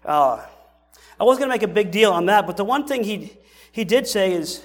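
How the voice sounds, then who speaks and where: High-voiced man preaching a sermon. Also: animated, normal speed. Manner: conversational preaching with repeated restarts and rhetorical questions. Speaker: pastor.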